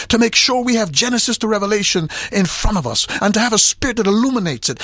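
A man with a high, gravelly, husky voice preaching a sermon. His pitch swings widely as he tells a story and plays out both sides of a conversation. The sound is dry and close. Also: very animated, fairly quick, sharp tone, no echo. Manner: storytelling, acts out dialogue, builds to impassioned climax.

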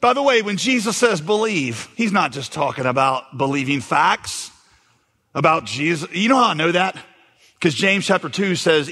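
A man's voice: fairly high pitch, slightly rough. Fervent male preacher in a reverberant hall. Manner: emphatic preaching, rising to shouts on key points. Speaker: pastor. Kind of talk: sermon.

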